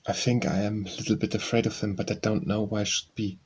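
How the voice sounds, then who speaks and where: A frank, eager teenage girl in a storybook, quick and direct in her speech, read by a man. The voice stays low and slightly husky. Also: little pitch movement, darkish tone.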